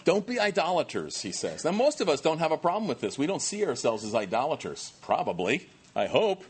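A pastor giving a sermon, telling the story in a conversational, animated way with many fillers. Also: male voice, on the high side, brisk, husky.

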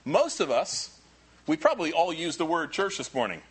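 A man preaching a sermon as pastor, animated and repeating key phrases for emphasis. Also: fairly high pitch, normal speed, breathy edge.

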